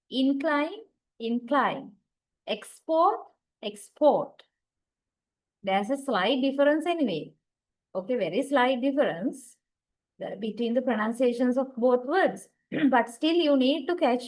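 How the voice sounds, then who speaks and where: In a rough recording, a woman lecturer with a Sri Lankan English accent teaches linguistics, dropping frequent "okay"s and "right"s. Her voice is fairly high in pitch but darkish in tone.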